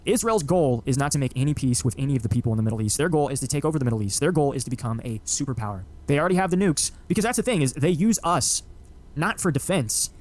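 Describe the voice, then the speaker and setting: A man lays out his views in an emphatic, lecturing way during a casual chat. He talks quickly and presses every point hard. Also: medium pitch, animated, darkish tone.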